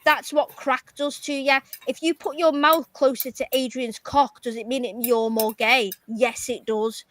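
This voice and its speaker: A woman's voice: high voice, fairly even intonation, unhurried, fairly bright tone, slight background noise. A woman hosting a call-in stream, trading profane, mocking taunts in a heated live argument on a close mic. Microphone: close desk mic.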